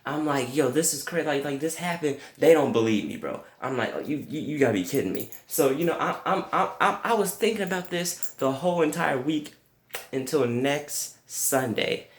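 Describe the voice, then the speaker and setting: A young man telling a comic story with crude language, jumping to high yelps when quoting himself. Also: moderate pace, reverberant. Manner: animated, profane, jumps to high yelps for quoted reactions. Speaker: comedic storyteller.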